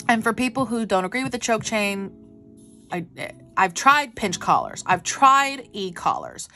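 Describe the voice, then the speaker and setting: A woman vlogger telling a rambling, animated story in casual chat, full of asides. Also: on the high side, normal speed, faint music behind. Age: adult with a child.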